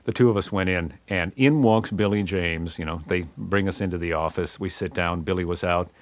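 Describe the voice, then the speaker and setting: Guy with a low voice telling stories about his old band, slangy, does the voices and noises, dry close sound. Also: a little fast, dry recording. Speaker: musician recalling his band's history. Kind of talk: spoken-word storytelling.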